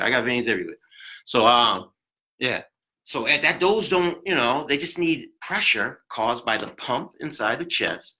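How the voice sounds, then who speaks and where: A man teaching a CPR class, chatty and rambling, counting compressions out loud and getting out of breath. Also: mid-range voice, poor audio. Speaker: CPR instructor. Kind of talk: hands-on class demonstration.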